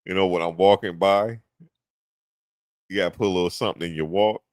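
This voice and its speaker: Laid-back deep-voiced man rambling. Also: steady tone, fairly quick, darkish tone, no echo, studio quality. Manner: laid-back, rambling, chuckles at own jokes. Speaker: podcast host. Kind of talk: casual chat.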